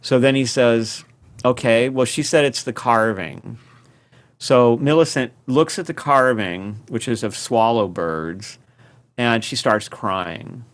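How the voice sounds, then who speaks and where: A man's voice: medium pitch, slow pace. A man, a podcast guest telling a long story and acting out the quoted voices. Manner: animated, acts out quoted voices. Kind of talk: storytelling in conversation.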